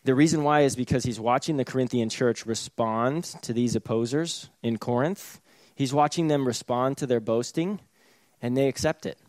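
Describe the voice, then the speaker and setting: A man's voice: mid-range voice, a little mellow, no room sound. Casual, conversational male preacher. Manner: conversational preaching, sarcastic asides, chuckles. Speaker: pastor. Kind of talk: sermon.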